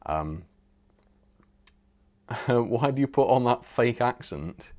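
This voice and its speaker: A man's voice: mid-range voice, animated, takes it slowly, darkish tone. A man hosting a live stream, chatting casually and rambling as he reads out viewer comments with frequent chuckles.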